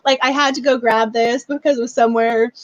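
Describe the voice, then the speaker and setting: A young woman with a high voice hosts a book club live stream in a bubbly, gushing way, full of fillers. The sound is dry and close. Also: steady tone, fairly quick, no room sound, dull audio. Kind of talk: casual live stream chat.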